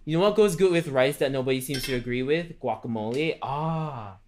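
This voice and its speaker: A man's voice: mid-range voice, fairly quick, slight background noise. Chatty man streaming while cooking. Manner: refers to himself in the third person; chatty, rambling with many fillers. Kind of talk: casual cooking livestream chat.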